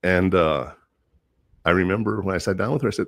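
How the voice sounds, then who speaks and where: A middle-aged man with a very low voice tells stories from his counseling work in an easy, rambling way. He loops back with plenty of fillers, sincere and plain-spoken. The sound is dry and close. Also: fairly quick, pauses often, no room sound. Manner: rambling, earnest storytelling with many fillers. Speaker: teacher and counselor. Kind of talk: casual monologue.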